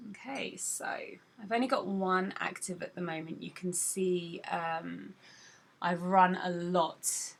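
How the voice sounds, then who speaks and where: A woman's voice: lowish voice, fairly even intonation, takes it slowly, gravelly, a little hiss or hum. Chatty woman giving a tutorial. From United Kingdom. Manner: chatty, instructive, stops to think with "um". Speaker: sales team leader. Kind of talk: screen-recorded tutorial.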